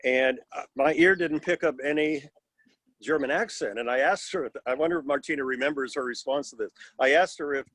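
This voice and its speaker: An older man in his sixties spins a loose, good-humored story, teasing himself and his old classmates as he goes. He speaks at an ordinary pitch. The sound is dry and close, as on a video call. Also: brisk, a bit bright, dry recording. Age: 60s. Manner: rambling, wry, self-deprecating humor. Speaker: alumnus at class reunion. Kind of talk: casual anecdote on video call.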